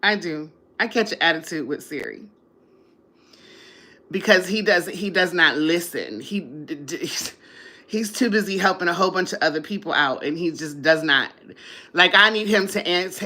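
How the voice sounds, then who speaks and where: A woman's voice: fairly low pitch, lively intonation, a little slow, long pauses, pushed and bright. A woman hosting a casual live stream, chatting with viewers, laughing often and sounding drowsy after a meal. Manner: sleepy after eating.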